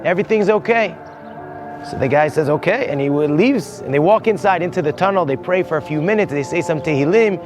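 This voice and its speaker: A man's voice: on the high side, expressive, quick pace, hardly any pauses, music in the background. A man, a rabbi, telling a heartfelt story on location outdoors at a holy site. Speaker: rabbi and guide.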